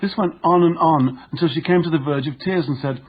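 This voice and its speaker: A man narrating a nonfiction audiobook in a measured, instructive way. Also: fairly high pitch, husky, highs cut off.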